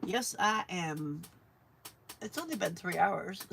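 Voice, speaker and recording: A chatty woman hosting a relaxed crafting livestream. She rambles in a friendly, casual way, often laughs, and answers viewers as she works. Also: on the low side, creaky, slight background noise. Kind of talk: casual chat while crafting.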